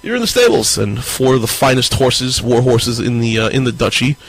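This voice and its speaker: A man running a tabletop game as dungeon master, stumbling over his words and laughing as he narrates. His voice sits at a middle pitch. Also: very animated, a bit bright, slightly rough, low-quality recording. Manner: halting, repeats words, laughs often.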